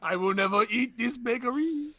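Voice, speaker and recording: A man's voice: extremely high pitch, animated, normal speed, pitched above the performer's own voice, full character voice. A man putting on a fake French accent to play a rude, sneering Frenchman who hurls insults. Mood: mocking. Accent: French, put on. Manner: mocking insults, shouted bursts.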